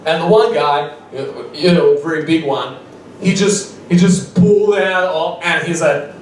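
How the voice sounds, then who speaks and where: A man's voice: on the high side, unhurried, a little hiss or hum. A young man doing rambling stand-up storytelling at an open mic, restarting sentences and laughing often. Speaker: stand-up comedian. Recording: echoey room, mic far off.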